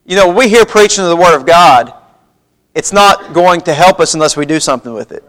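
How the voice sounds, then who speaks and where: A man's voice: a little high, lively intonation, fairly quick, fairly bright tone. A man preaching a sermon, reading scripture aloud in a folksy, emphatic way. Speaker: pastor. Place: church sanctuary.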